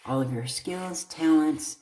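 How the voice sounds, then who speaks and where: A woman's voice: low voice, takes it slowly, mellow, reverberant. A woman giving a tarot card reading, blunt and emphatic, often checking in with "okay?". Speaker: tarot reader.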